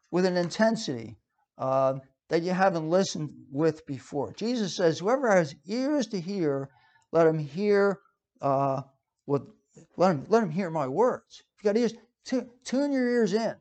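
A man's voice: fairly high pitch, a little mellow. A man preaching a sermon in a conversational way, with frequent fillers and restarts.

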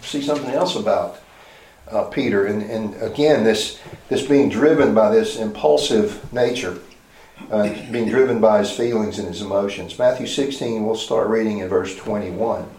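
A man's voice: lowish voice, normal speed, a little mellow. A man preaching a Bible lesson in a conversational way, asking rhetorical questions and often restarting his sentences. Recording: roomy echoey hall.

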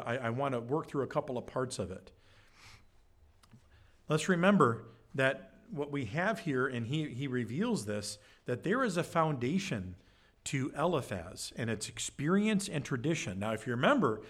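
A man preaching a Bible-study sermon, conversational, with frequent "right?" asides and acted-out quotes. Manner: acts out quoted speech with shifts in pitch. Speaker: pastor.

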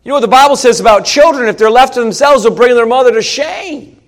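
A man's voice: very high voice, fast talker. A man preaching a sermon in a folksy, emphatic way, asking the congregation rhetorical questions.

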